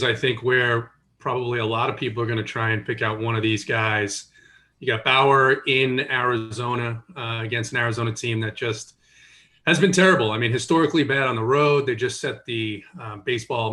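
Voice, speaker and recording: A man giving measured, dry analysis of baseball pitching matchups. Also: pushed and bright. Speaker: sports analyst. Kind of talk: casual sports analysis.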